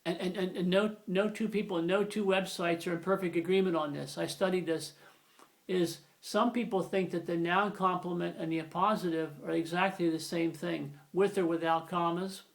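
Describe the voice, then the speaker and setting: A man's voice: high voice, steady tone, moderate pace, creaky. A man giving an informal, rambling grammar lesson, often correcting himself as he explains. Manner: rambling, self-correcting, conversational. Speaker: grammar teacher.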